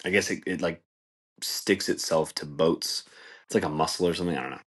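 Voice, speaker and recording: A man with a very low voice hosts a podcast, telling stories in a loose, rambling way. He swears freely and leans on "like" and "dude" in nearly every sentence. When he quotes other people, his voice jumps far higher. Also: a little fast, fairly bright tone, slightly rough. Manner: laid-back, swears a lot, fills with "like" and "dude". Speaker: podcast host. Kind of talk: casual storytelling monologue.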